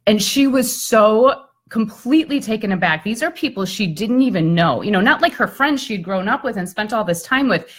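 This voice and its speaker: Woman telling an animated story. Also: medium pitch, normal speed, hardly any pauses. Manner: animated, conversational storytelling with frequent "like" and "I mean". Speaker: keynote speaker and coach. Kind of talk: storytelling on a live video chat.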